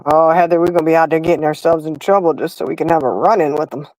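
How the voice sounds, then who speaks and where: A woman's voice: sits low, quick pace, darkish tone, rough recording. A middle-aged woman, hosting a livestream and chatting casually, telling stories with frequent laughs and calling her listeners "y'all". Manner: chatty storyteller, laughing, addresses chat as y'all. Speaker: livestream host. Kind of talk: casual chat.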